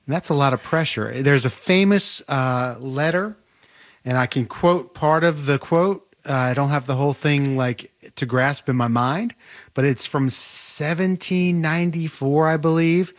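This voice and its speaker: A man's voice: a little high, measured pace. A man being interviewed as an author, telling a historical story in vivid, detailed bursts. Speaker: author guest. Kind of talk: podcast interview.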